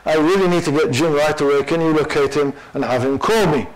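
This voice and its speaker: A man's voice: fairly high pitch, a little fast, close to an everyday voice, rough recording. A man voicing an impatient male boss who barks insults down the phone. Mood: angry. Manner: barking, insulting.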